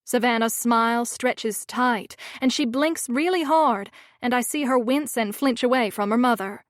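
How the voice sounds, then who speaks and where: A woman's voice: a little high, measured pace, dry recording, studio quality. A woman narrating a romance audiobook in the first person, with a wry, sardonic manner.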